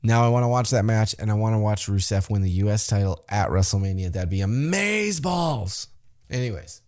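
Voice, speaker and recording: A man's voice: lowish voice, dark tone. A man hosting a podcast, giving a casual, rambling and enthusiastic recap of a show. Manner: rambling, enthusiastic, loose with fillers. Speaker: podcast host.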